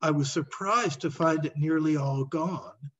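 Man playing a remorseful herbalist woman, wailing apologies, slow, husky, muffled recording. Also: fairly high pitch, recorded from a distance.

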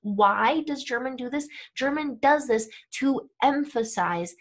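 A woman's voice: high-pitched, a little slow. A young woman teaching a grammar lesson to camera, explaining patiently and checking in with frequent "right?" and "okay?". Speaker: language teacher.

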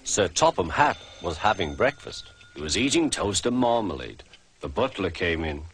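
A man narrating a children's storybook in a clear, measured way. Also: low-pitched, big pitch swings. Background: music.

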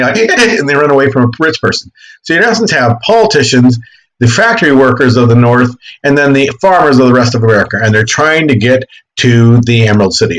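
A man's voice: medium pitch, low-quality recording. Casual man giving a history lecture. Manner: casual, animated explaining with quick voiced asides. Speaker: history teacher. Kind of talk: classroom lecture.

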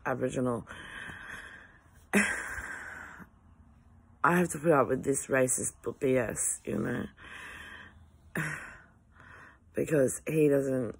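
Gravelly, husky Australian woman ranting. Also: low-pitched. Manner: exasperated, sighing, halting restarts. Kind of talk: ranting to camera.

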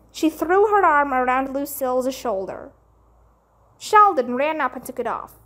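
Slow high-voiced woman reading a children's book. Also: lively intonation, fairly bright tone. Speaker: storybook reader. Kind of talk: children's book read-aloud.

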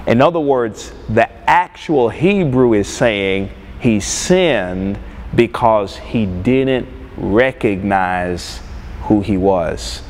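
A man preaching a sermon as pastor. He delivers it with deliberate emphasis and keeps checking in with the congregation. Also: on the low side, animated, darkish tone. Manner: calls for congregation responses, slow emphatic delivery. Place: church sanctuary. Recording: long hall reverb, faint background noise.

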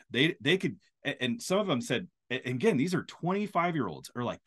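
A man's voice: mid-range voice, sing-song, fast, hardly any pauses, a bit bright, breathy edge. A man hosting a faith podcast interview, talking in a playful, joking way with a preacher-like lilt. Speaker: podcast host. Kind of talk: casual interview chat.

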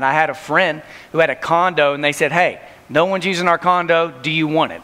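A man in his thirties giving an energetic youth camp sermon, telling stories and acting out voices. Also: fairly high pitch. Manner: storytelling, acts out voices, laughing. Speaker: camp speaker. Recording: reverberant hall.

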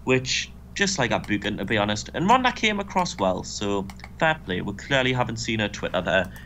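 A young man talking through a wrestling simulation game, recapping results briskly and tossing in dry asides. His voice sits at a middle pitch, with faint keyboard clacking in the background. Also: sharp tone, slight background noise. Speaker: co-host and booker. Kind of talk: casual game commentary.

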